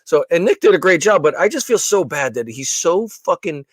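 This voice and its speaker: A man on a podcast spins a long, rambling story, stumbling over restarts and swearing freely. His voice sits a little high for a man, recorded dry and close with no room sound. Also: big pitch swings, normal speed, slightly rough, no room sound. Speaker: podcast co-host. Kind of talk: casual chat.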